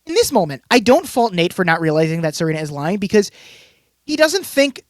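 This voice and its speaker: Guy co-hosting a recap podcast, rattles along quick, giggles a lot. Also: sits high, very animated, no room sound, clean studio sound. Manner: laughs often, lots of fillers and restarts. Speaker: podcast co-host. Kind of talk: casual recap chat.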